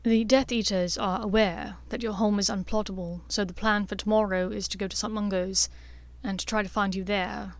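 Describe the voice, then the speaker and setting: A woman voicing a serious young wizard, earnest and measured in a slightly lowered voice. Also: fairly even intonation, dry recording, lightly acted.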